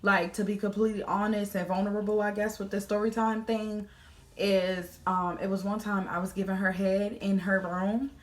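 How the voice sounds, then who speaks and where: Animated woman telling a storytime vlog. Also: mid-range voice, normal speed, echoey room. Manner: animated, swears freely, addresses viewers as y'all. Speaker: vlogger.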